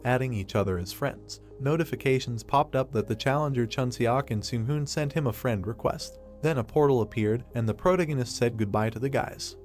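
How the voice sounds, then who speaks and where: A man narrating a story recap from a script, reading at a steady, even pace. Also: mid-range voice.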